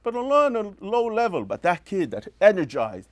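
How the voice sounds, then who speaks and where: Animated rabbi with a lively high voice. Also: male voice. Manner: animated preaching, mimics scolding parents, quotes Hebrew rapidly. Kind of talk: sermon.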